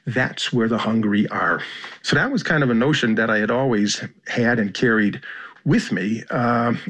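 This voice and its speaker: An American man, a journalist guest in an interview, telling a story in a measured, halting way. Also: medium pitch, a bit bright. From United States. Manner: measured, halting, with fillers and repeats.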